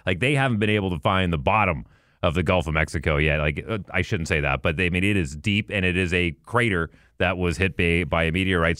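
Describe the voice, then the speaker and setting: A man's voice: low voice, quick pace, a bit bright, no room sound, studio quality. A man co-hosting a podcast, chatting casually and going off on enthusiastic tangents to explain trivia. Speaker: podcast co-host.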